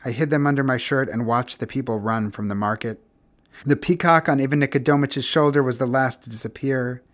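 Male narrator, measured and expressive literary reading, mid-pitched. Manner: measured, expressive, grows quiet and somber. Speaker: audiobook narrator.

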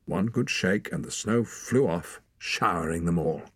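A man narrating an audiobook in a calm, measured storytelling manner. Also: low-pitched, slightly rough, dry recording. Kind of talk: scripted narration.

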